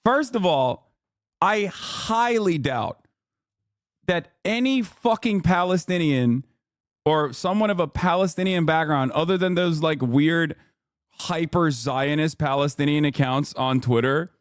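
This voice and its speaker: A man's voice: fairly high pitch, a little slow, dry recording, clean studio sound. A man streaming, reacting to a video with sarcastic, profane, mocking commentary.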